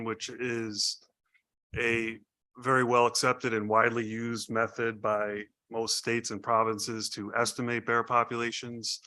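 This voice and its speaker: Flat, bright-voiced man explaining data. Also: medium pitch. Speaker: bear biologist. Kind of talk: expert testimony.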